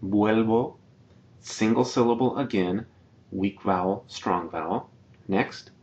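A man teaching a slide-based video lesson, patiently explaining and repeating each example word slowly. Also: lowish voice, darkish tone, highs cut off. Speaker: Spanish teacher.

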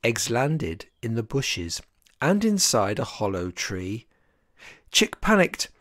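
An author reads a rhyming children's picture book aloud at an unhurried pace. The voice swoops up and down with an expressive, sing-song rhythm, and each line of verse is given its own shape. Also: medium pitch, no echo, studio quality.

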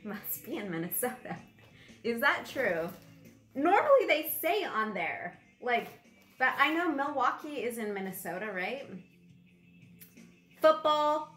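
A middle-aged woman vlogger chats casually while opening a pack, rambling and easily amused. Her voice sits on the high side and sounds a bit bright. The recording has a roomy echo with faint music in the background.

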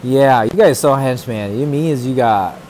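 A man's voice: medium pitch, moderate pace, darkish tone, slight background noise. A man streaming a shooter game, chatting casually with viewers and trash talking opponents. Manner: playful trash talk to chat. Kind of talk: casual gameplay commentary.

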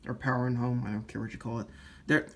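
A man giving casual commentary while demoing phone hacks, rambling and profane, quick to blow up into shouting. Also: mid-range voice, level tone, breathy edge. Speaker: iPhone jailbreak tinkerer. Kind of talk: casual screen demo commentary.

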